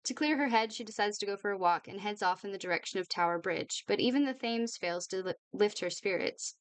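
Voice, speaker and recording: A woman reading a novel aloud for her channel, informal and brisk. She trips now and then and corrects herself. Her voice is smooth and clear, recorded close and dry. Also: mid-range voice, no room sound. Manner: brisk reading with slips and apologies. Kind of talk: read-aloud novel narration.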